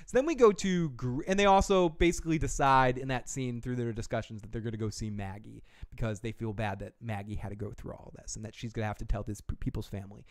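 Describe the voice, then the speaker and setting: A man's voice: mid-range voice, quick pace, no room sound, studio quality. A man hosting a casual TV episode review, joking and profane, with frequent asides. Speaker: show host.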